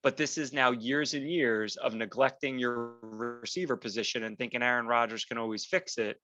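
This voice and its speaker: A man's voice: medium pitch, fairly even intonation, normal speed, sharp tone, dry recording. A man hosting a podcast, giving emphatic, opinionated casual sports talk. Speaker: podcast host.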